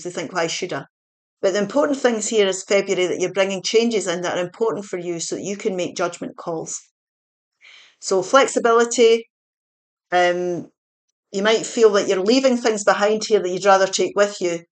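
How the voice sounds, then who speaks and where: A woman giving a spoken tarot reading in a chatty, reassuring way, now and then correcting herself mid-sentence. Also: mid-range voice. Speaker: tarot reader.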